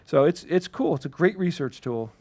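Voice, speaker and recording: A man's voice: on the high side, animated, moderate pace, a little mellow. Eager male podcast co-host. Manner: enthusiastic, talkative. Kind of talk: casual chat on a livestream.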